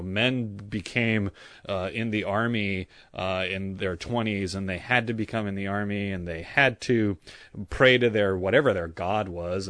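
A man's voice: fairly low pitch, dry recording, clean studio sound. Sarcastic man ranting on a podcast. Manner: animated ranting, voice jumps up when worked up. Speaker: podcast co-host. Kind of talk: casual podcast chat.

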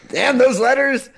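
A man co-hosting a comedy podcast in casual chat, playful and animated, slipping into mock announcements. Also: extremely high pitch, vocal fry, slightly rough. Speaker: podcast co-host.

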